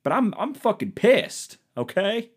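A man doing a shrill, indignant ranter. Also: big pitch swings, unhurried, slightly rough, full character voice. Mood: outraged. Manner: shrill, worked-up ranting. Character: indignant outraged middle-aged man ranting.

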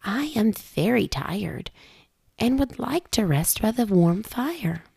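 A woman voicing a hungry, tired little girl in a storybook reading, speaking slowly and drawn-out. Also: medium pitch, big pitch swings, gravelly, mellow, slightly rough, dry recording, pitched above the performer's own voice, exaggerated voice.

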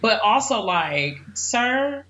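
A woman co-hosting a podcast, ranting in an animated, slangy way. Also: a little high, slow, lo-fi sound, noisy background. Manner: animated, preachy rants with slang. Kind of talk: casual chat.

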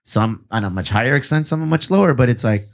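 A man's voice: medium pitch, lively intonation, fast talker, gravelly. A man chatting casually on a podcast, cursing freely and dropping Spanish slang. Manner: profane, laid-back, mixes in Spanish slang. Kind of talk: casual chat.

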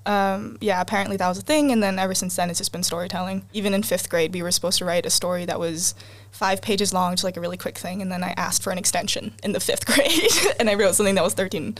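A young woman guest on a podcast, talking in a quick, chatty way and laughing often. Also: mid-range voice, steady tone. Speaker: guest musician. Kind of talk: casual podcast chat.

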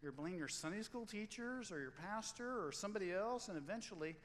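A man preaching a sermon as pastor, in a conversational, animated way, acting out quotes and stories. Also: sits high, brisk, in a large hall, a little hiss or hum, poor audio.

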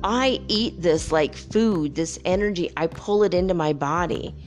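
A woman's voice: fairly low pitch, unhurried, soft background music. Chatty woman telling a rambling story. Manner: animated, rambling, with playful whoops and laughs. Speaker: vlogger. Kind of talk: casual storytelling to viewers. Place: home by the Pacific.

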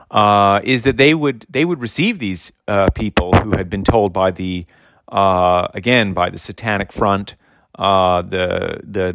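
Low-voiced man, unscripted religious speaker, halting delivery, dry close recording. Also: dry recording. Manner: halting, many fillers and restarts.

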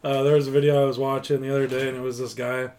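A man co-hosting a podcast, telling stories in relaxed, profane casual chat. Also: mid-range voice, rapid-fire. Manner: laid-back storytelling, profane. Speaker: podcast co-host.

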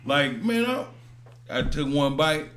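A man's voice: a little high, big pitch swings, slow, a bit bright, roomy sound. A man joking around in slangy casual banter as a podcast co-host. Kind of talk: casual chat.

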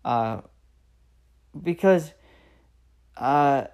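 In a solo motivational podcast, a man in his thirties speaks earnestly and encourages his listeners, repeating phrases for emphasis. His medium-pitched voice is expressive and a little mellow, with drawn-out words and a clear, resonant tone.

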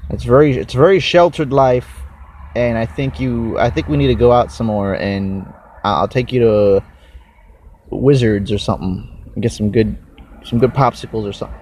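A young man with a mid-range, darkish voice hosts a casual solo podcast at a moderate pace, with a little hiss or hum in the recording. He rambles, swears a lot, and chews and snacks right on the mic.

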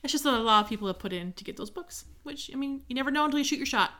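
Young female podcast co-host, chatty and giggly, lively voice. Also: sits high, very fast. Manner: bubbly, chatty, laughs often. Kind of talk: casual chat.

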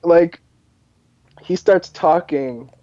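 Mellow-voiced man on a dull dry mic. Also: a little high, drawn-out words, dry recording. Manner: relaxed, steers the segments. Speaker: podcast co-host. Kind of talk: casual wrestling chat.

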